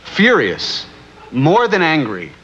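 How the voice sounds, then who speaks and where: A man, a guest on a late-night talk show, telling lively stories about an old job and putting on voices as he goes. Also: fairly high pitch, takes it slowly. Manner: animated storyteller, slips into character voices. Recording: dull lo-fi TV broadcast with noise.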